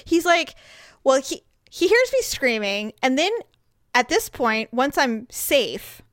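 A woman with a somewhat high voice tells a story in casual chat. She is animated and jumps into shrieks when she acts out a scare. The sound is dry and close. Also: takes it slowly, no room sound.

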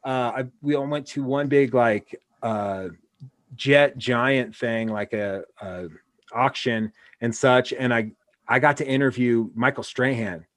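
A man's voice: medium pitch, a little slow, a bit bright, dry recording. A man from Wyoming hosting a casual interview, telling rambling anecdotes full of restarts. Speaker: podcast host.

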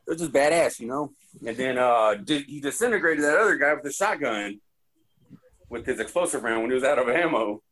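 A man co-hosting a podcast, chatting casually in an excited, profane, rambling way. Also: mid-range voice, a little fast. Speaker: podcast co-host reviewing a movie. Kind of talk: casual chat.

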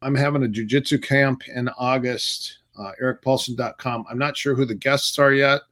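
A middle-aged martial arts instructor, his voice mid-range and his speed normal, tells stories casually in an interview. He's an animated storyteller who acts out the quoted dialogue.

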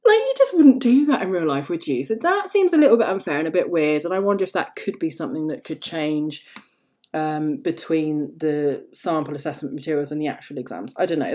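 Woman in her 30s doing a chatty solo podcast, low warm voice, lots of asides. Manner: chatty, rambling, full of asides and fillers. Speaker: podcast host. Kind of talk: casual solo podcast talk.

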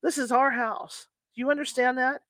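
A woman voicing a frightened, hysterical young wife in a read-aloud story, lines raised and slowed. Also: high-pitched, fairly even intonation, fairly bright tone, no room sound. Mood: distraught.

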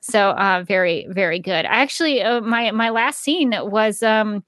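A woman's voice: mid-range voice, unhurried, a bit bright, no echo. A woman co-hosting a podcast in casual chat, chatty and giggly with lots of fillers. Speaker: podcast co-host.

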